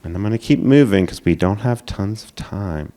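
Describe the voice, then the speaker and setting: A man with a notably low voice gives a conference talk. He explains steadily and casually, dropping in filler words as he goes. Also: animated, normal speed, dark tone. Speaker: conference presenter. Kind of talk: presentation talk.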